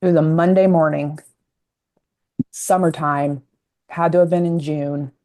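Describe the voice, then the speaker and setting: A woman in her fifties from Colorado speaks in a low voice. She tells her story in a loose, reflective way, stopping and restarting and growing emotional as she goes. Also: fairly even intonation, measured pace, mellow. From Colorado, USA. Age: 50s. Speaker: podcast guest, communication coach. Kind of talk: casual interview storytelling.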